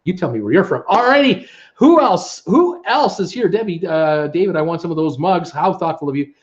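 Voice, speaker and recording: A man's voice: on the high side, expressive, a little fast, lo-fi sound. Chatty man hosting a live stream. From Ontario, Canada. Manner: chatty, upbeat, many fillers. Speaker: livestream host reading viewer chat. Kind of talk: casual live chat. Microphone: webcam setup at home.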